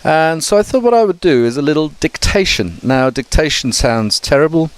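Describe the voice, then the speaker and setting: A man, a teacher, giving an online mini lesson. He talks slowly and carefully, with many hesitant fillers. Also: on the high side, expressive, smooth. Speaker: English teacher.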